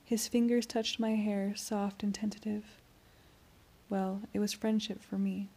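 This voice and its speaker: A woman reads a novel aloud in the first person, keeping her delivery soft and even. Her lines sometimes sink almost to a whisper. Her voice is mellow, gravelly and a little husky. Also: mid-range voice, measured pace. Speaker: audiobook reader. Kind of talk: amateur first-person audiobook narration.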